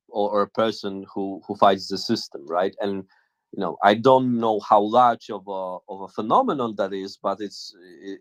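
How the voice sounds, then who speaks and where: Halting low-voiced man thinking aloud. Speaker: co-host. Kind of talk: casual chat on a live audio room.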